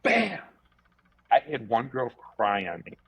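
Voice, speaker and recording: A man, a martial arts instructor, telling stories casually as a guest, animated, repeating words and swearing freely. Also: medium pitch, moderate pace, breathy edge. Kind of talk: casual storytelling interview. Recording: dull lo-fi podcast audio.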